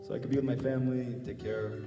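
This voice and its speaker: Earnest rabbi in an echoey hall. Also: male voice, mid-range voice, steady tone, fast, dull audio. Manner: earnest, repeats phrases for emphasis. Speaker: rabbi giving a talk. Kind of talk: storytelling sermon. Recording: echoey hall, far from mic, faint guitar.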